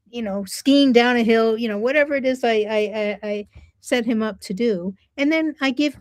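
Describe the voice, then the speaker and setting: A woman co-hosting a casual talk show, asking questions and giving brief agreement. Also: on the high side. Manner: short affirmations and curious questions. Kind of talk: casual conversation.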